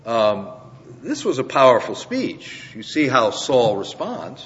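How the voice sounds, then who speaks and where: Bright-voiced man preaching in an echoing hall. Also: mid-range voice, big pitch swings, takes it slowly. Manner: earnest, emphatic explaining with rhetorical questions. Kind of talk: verse-by-verse Bible teaching. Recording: dull lo-fi recording in a reverberant hall.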